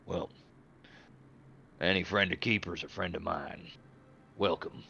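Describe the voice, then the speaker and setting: A gruff old halfling shopkeeper, as a man puts him on, speaking low and soft with a bright edge. His voice sits deep, and the sound is a little dull and lo-fi. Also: measured pace, slight background noise, heavily acted. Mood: welcoming.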